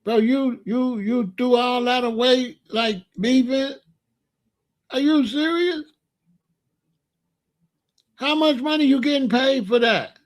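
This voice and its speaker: A man's voice: extremely high pitch, slow pace, pauses often. A young man giving a ranting commentary, incredulous and exasperated as he scolds and asks questions.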